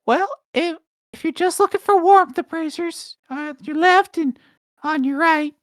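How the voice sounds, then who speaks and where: Someone voicing a tiny mouse-folk woman librarian in a tabletop game, flustered and squeaky. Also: a little slow, dry recording, clean studio sound. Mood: helpful. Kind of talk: tabletop role-play character voice.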